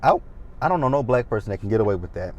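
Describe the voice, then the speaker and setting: A man's voice: on the low side, lively intonation, rapid-fire, darkish tone, lo-fi sound. Sassy chatty man recapping reality TV. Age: 30s. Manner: chatty, sassy, dramatic asides. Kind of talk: casual recap commentary.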